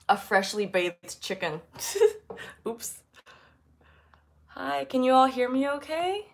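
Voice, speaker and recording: A woman hosting a casual livestream from her art studio on her phone, sounding congested from allergies and chatting with lots of fillers. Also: medium pitch. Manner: chatty with frequent fillers and giggles. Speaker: artist livestream host.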